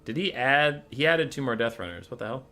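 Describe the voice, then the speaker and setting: A man's voice: mid-range voice, animated, fairly quick, sharp tone. A man casually commenting on a strategy game and telling a silly story, wry and easily distracted. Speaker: gaming streamer.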